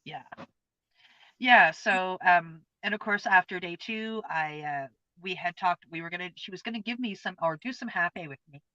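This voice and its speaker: A woman's voice: lowish voice, normal speed, pushed and bright, no room sound. A woman in her fifties co-hosting a casual chat, telling a personal experience in an earnest, open, heartfelt way. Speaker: co-host. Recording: dull lo-fi, dry sound.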